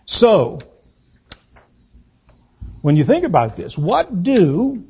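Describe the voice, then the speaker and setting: A man delivers a political speech at a deliberate, unhurried pace. His voice sits high for a man and has a husky edge. He leans on repetition, saying key words again and again for emphasis. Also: wildly swooping pitch, a little mellow. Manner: slow, emphatic, repeats key words for effect. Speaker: political speaker.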